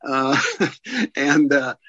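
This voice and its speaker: An older man talks in casual conversation, halting and restarting as he goes. The audio is dull and muffled. It is also dry, with no room sound. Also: mid-range voice, animated, a bit bright, dry recording. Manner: halting, many restarts and fillers. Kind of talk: casual chat.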